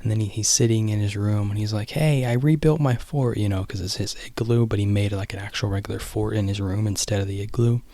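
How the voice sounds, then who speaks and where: Man vlogger, low gravelly voice, loose rambling recap, dry close mic. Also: little pitch movement, fast talker, few pauses, mellow, no room sound. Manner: rambling, heavy on "you know" and "like". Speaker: vlogger retelling a film. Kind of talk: casual rambling monologue.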